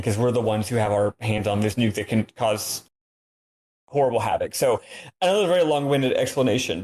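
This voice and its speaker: A man in the middle of his range, talking through a game story with eager, winding explanations. His voice sits at an ordinary pitch. It comes across as relaxed, casual podcast chat. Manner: enthusiastic, long-winded explaining. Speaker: podcast co-host.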